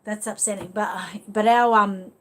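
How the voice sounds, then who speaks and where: A woman's voice: medium pitch, steady tone, moderate pace, fairly bright tone. A woman with an Australian accent hosting a live stream, chatting casually and reading out viewer comments, with lots of "you know" fillers. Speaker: livestream host.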